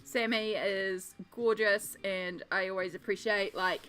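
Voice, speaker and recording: A woman's voice: medium pitch, fairly even intonation, a little slow, a bit bright. A woman streamer chatting casually with her viewers while colouring, giggly and self-deprecating. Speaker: art streamer.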